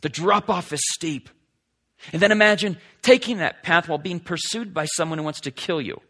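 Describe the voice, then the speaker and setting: A male pastor preaching a sermon, swinging between emphatic lines and hushed, slow passages as he reads scripture. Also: a little high.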